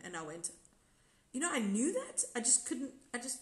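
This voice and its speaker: A woman's voice: fairly high pitch, big pitch swings, normal speed. Chatty South African woman in a roomy space. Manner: rambling, self-correcting, candid. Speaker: episode reviewer and former contestant. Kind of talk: casual live recap chat reading viewer comments. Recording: roomy echo.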